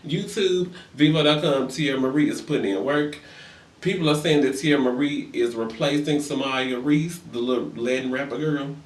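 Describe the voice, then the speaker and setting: A man's voice: medium pitch, moderate pace. A young man recapping reality TV in a sassy, profane gossip rant, acting out other people's lines. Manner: sassy, profane, acts out quoted voices. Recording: echoey room, far from mic.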